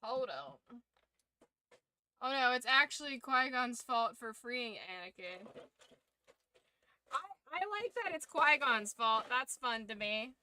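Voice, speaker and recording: A woman's voice: on the high side, sing-song, slow, pauses often, bright, forceful tone. A tired woman streamer chatting casually on a livestream, rambling and swearing freely.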